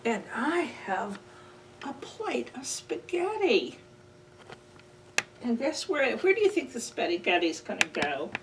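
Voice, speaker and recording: Slow, lively woman reading to kids. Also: a little high. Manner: playful, animal sound effects. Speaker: children's librarian. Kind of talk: reading a picture book aloud to children. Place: library. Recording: distant mic with faint ambient noise.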